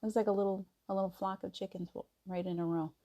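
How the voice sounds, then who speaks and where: A woman hosting a casual live stream, chatting gently and greeting viewers by name. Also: medium pitch, fairly even intonation, quick pace. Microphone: device mic on a video stream.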